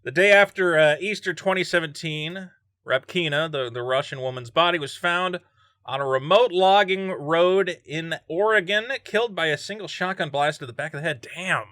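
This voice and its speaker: A man's voice: fairly high pitch, moderate pace, pushed and bright, no echo, clean studio sound. A man reading and joking through a true-crime story as a vlogger, laughing often and breaking off into asides. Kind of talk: casual true-crime commentary.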